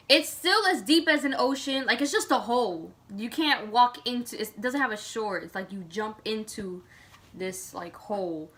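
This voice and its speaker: A young woman tells a story to her vlog audience in a loose, rambling way, padding her sentences with fillers. Her voice sits a little high and sounds bright and sharp. She gets animated as the story builds. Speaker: vlogger. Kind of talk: casual storytime.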